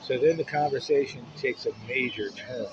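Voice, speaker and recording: A vlogger with a medium-pitched voice speaks at a moderate pace, telling a personal story in a casual, frank way full of profanity. The recording is muffled, with noisy street sound in the background.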